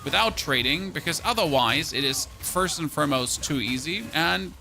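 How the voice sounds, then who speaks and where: A man's voice: on the high side, animated, moderate pace, creaky, bright, forceful tone. A young man streaming a game, thinking aloud about his build and thanking viewers in a chatty way. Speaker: gaming streamer. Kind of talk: live-stream gameplay commentary.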